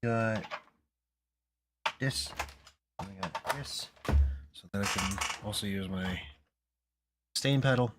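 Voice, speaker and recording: Low-voiced man musing while composing. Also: takes it slowly, long pauses. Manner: muttering, hesitant, talks to himself. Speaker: composer streaming a music session. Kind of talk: casual thinking aloud while composing. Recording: music playing faintly behind.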